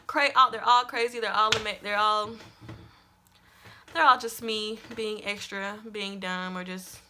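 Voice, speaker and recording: A young woman vlogger telling a story-time tale to her viewers, dramatic and animated, calling out to them as y'all. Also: mid-range voice, unhurried, noisy background.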